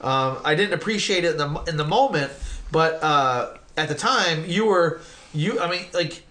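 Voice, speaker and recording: A middle-aged man hosts a loose, conversational interview. He tells long, rambling stories with lots of fillers and the odd swear word, and his voice sits a little high for a man. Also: moderate pace. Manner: rambling, animated storytelling with profanity. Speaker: podcast host.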